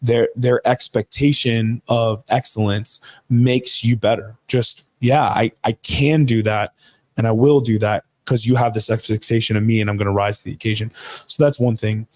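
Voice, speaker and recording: A man's voice: lowish voice, fairly even intonation, moderate pace, a little mellow, dry recording. Earnest man telling a story, dry sound. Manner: earnest, restarts sentences, says dude. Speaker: podcast guest, jiu-jitsu coach. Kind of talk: casual storytelling interview.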